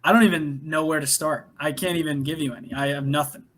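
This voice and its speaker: High-voiced young man chatting casually. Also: fairly even intonation, fast talker, a bit bright. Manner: chatty, laughs while telling a work story. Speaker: podcast co-host. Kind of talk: casual chat.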